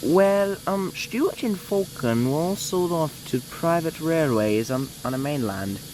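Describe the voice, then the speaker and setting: Male engine with a put-on cool accent, matter-of-fact, pitched up, young man doing it. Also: expressive, measured pace, darkish tone, a little hiss or hum, low-quality recording. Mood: telling.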